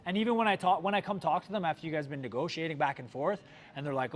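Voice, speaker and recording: Man, sales manager at a dealership, energetic coach, slightly high voice. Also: fast, a little hiss or hum. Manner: energetic, coaching, lots of "right?" and "like". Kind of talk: team sales training talk. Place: car dealership.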